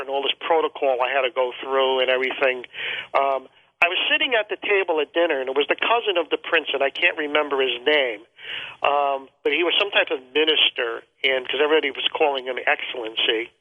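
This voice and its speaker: A man tells a long personal story as an interview guest, stopping and restarting often and filling gaps with ums. His voice sits a bit high for a man. It comes through a thin, tinny phone line. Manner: rambling, halting, repeats words and fillers. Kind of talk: telling a personal travel story. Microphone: phone call.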